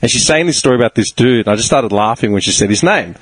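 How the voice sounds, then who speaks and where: A man in his thirties telling stories with a lively, swooping voice and plenty of swearing and "dude". His pitch sits at an ordinary height, and the sound is close and dry. He sounds like a podcast host in easy chat. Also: fast, dry recording, low-quality recording. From Melbourne, Australia. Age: 30s. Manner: animated storyteller, swears, calls people "dude" and "man". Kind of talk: casual chat.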